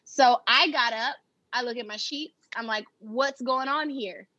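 Woman, young adult, podcast host, candid animated storytelling, bright tone, dry recording. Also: a little high, unhurried, dry recording, muffled recording. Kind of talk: casual storytelling chat.

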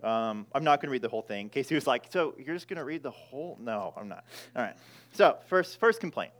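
A man preaching, who prays quietly and then teaches a small group in a relaxed, conversational way, often restarting his sentences. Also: mid-range voice, fairly quick. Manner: prays softly, then teaches in a casual, joking way with many restarts. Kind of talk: sermon.

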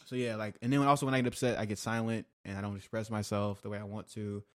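A man's voice: lowish voice, little pitch movement, fast. Candid rambling man on a podcast. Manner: candid and confessional, rambling with restarts. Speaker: podcast host. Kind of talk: casual podcast chat.

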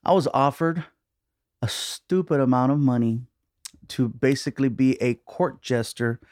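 A man's voice: mid-range voice, measured pace, a little mellow, no room sound, clean studio sound. Laid-back male comedian telling stories. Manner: laid-back storytelling with laughs. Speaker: stand-up comedian guest. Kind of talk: casual podcast chat.

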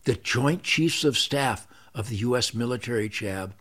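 A man as a podcast guest, ranting in a loud, emphatic, profane way that drops suddenly to quiet. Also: mid-range voice, expressive, moderate pace. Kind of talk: podcast interview.

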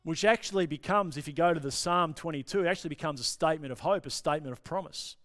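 A male pastor preaching a sermon with passion, dropping to soft pauses for emphasis. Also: on the high side. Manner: impassioned, with dramatic pauses and drops to near-whisper.

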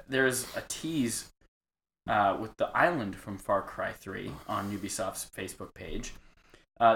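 Bright-voiced man chatting gaming news. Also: lowish voice, slight background noise. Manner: profane, laughing, reads out news items. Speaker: podcast co-host. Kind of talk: casual gaming news chat.

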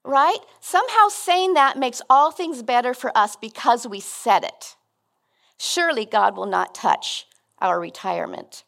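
A woman's voice: a little high, animated, a little slow, creaky, a bit bright. A middle-aged woman giving a sermon as guest speaker, conversational and earnest with frequent restarts.

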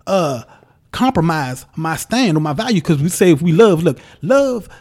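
A man's voice: on the high side, animated, moderate pace. A young man talking casually and emphatically about faith and parenting as a podcast guest, with a preacher's push. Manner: emphatic, preacherly, speaks plainly and forcefully.

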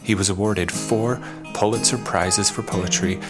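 A man hosting an educational poetry podcast, reading a scripted lesson that explains syllable stress, slowing down to sound out example words. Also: on the low side, fairly even intonation, over loud music. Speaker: podcast host.

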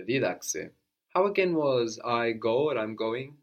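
A man teaching a spoken language lesson, explaining patiently step by step and repeating example words slowly. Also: medium pitch, lively intonation, highs cut off.

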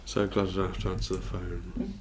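A man co-hosting a casual podcast chat, joking and swearing in lively banter. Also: sits low, a little fast, background noise. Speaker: podcast co-host.

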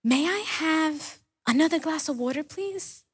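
A small, thirsty little boy, put on by a woman preacher reading a story aloud, calls out in a high, lifted, childlike voice. He pleads sweetly and persistently, as in a storybook reading. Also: expressive, a little slow. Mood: pleading.

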